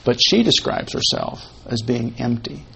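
A man's voice: mid-range voice, huge pitch swings, unhurried, gravelly, a bit bright, a little hiss or hum, poor audio. A man teaching a Bible sermon, repeating key phrases and posing and answering his own questions. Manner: conversational, asks and answers questions. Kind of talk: expository sermon.

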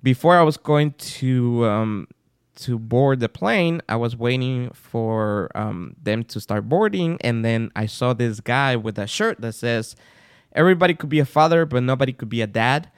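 A man telling a story on a podcast with a lively voice that rises and falls, and he keeps slipping into the voices of the people he met. His voice is smooth and resonant, recorded close and dry. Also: mid-range voice, moderate pace, no echo. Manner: animated storyteller acting out quoted people. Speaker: podcast co-host. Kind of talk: casual storytelling chat.

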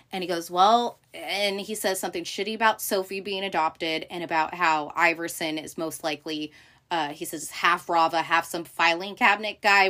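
A woman hosting a casual recap, talking in an animated, profane way with many fillers and acted-out quotes. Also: fairly low pitch. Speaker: podcast host recapping a TV show. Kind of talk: casual chat.

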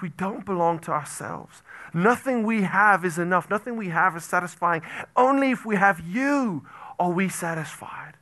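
His voice sits high and moves at a moderate pace as he preaches a lively sermon. The pastor alternates loud outbursts with hushed, almost whispered lines and repeats phrases for emphasis.

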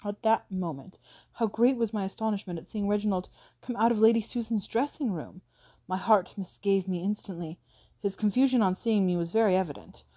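A woman reading a classic novel aloud, her voice mellow and dark in tone. Her pace is measured, her manner composed, and the reading is steady throughout. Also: mid-range voice, dry recording. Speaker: narrator.

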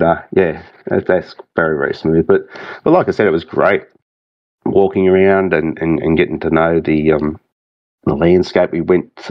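Deep-voiced Australian man, rambling. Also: no room sound, dull audio. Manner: rambling, halting, full of restarts and fillers. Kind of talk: casual chat.

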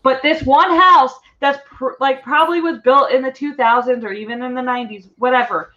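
A woman's voice: sits high, steady tone, brisk, pushed and bright. A woman co-hosting a podcast, chatting casually in a rambling way. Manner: chatty, rambling, full of fillers. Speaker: podcast co-host. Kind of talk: casual chat. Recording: dull lo-fi sound.

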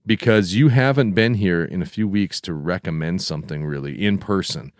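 A middle-aged man co-hosting a podcast, talking in a relaxed, rambling way with restarts. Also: deep voice, moderate pace, dry recording, clean studio sound. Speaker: podcast co-host. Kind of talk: casual chat.

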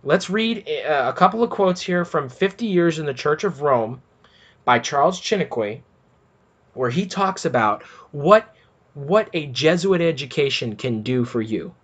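A male religious commentator with a somewhat high voice speaks with urgent conviction. He hammers his points home by repeating key words. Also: expressive, measured pace, a bit bright, muffled recording. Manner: emphatic, repeats words for stress.

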